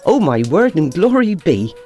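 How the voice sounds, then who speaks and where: A woman's voice: on the low side, big pitch swings, moderate pace, loud music behind the voice. A woman voicing fussy, chattering female hens in a storybook, clucking and flustered.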